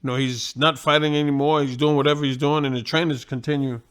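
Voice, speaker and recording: Older guest with a tense, higher voice, cursing his way through lively stories. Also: fast, clear, resonant tone. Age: 60s. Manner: animated, swearing freely, laughing at his own stories. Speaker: guest, boxing trainer and former champion. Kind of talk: casual storytelling.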